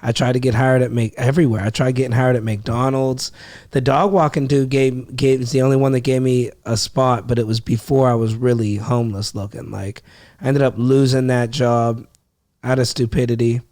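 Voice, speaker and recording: A man's voice: mid-range voice, flat delivery, normal speed, darkish tone, no room sound, clean studio sound. A young man from Ohio, a comedian, telling a story in casual podcast talk, acting out quotes and swearing freely. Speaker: comedian guest.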